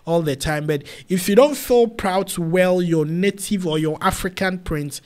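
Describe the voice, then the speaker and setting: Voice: mid-range voice, moderate pace. An interviewer, asking questions in a playful, teasing way and mixing in pidgin phrases. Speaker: host, interviewer. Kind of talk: casual street interview.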